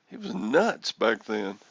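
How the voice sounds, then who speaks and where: A man's voice: fairly low pitch, vocal fry, a bit bright, no echo, lo-fi sound. A man in his sixties hosting a reseller livestream, rambling and joking as he answers chat comments. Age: 60s.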